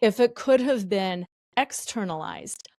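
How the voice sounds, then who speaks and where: A woman's voice: medium pitch, lively intonation, measured pace, a little mellow, no echo. A woman with a mid-range voice speaks as a podcast guest, recorded close and dry. She explains her points thoughtfully, building each one through repetition. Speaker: podcast guest, betrayal recovery expert. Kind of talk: reflective interview answers.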